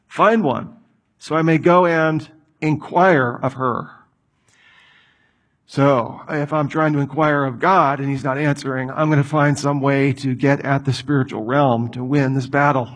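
Guy preaching a sermon, kinda husky, gets really animated doing the characters. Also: medium pitch, measured pace. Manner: animated, acts out voices of the people in the story. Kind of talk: expository sermon.

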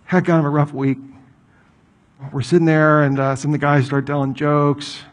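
Man, middle-aged, pastor, sermon, conversational, rhetorical questions, fairly high voice. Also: flat delivery, normal speed.

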